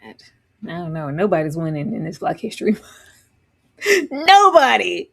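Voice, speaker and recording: A woman's voice: sits low, a little fast, dark tone, husky. A woman hosting a live TV recap, retelling scenes animatedly with acted-out quotes and laughter. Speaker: podcast host.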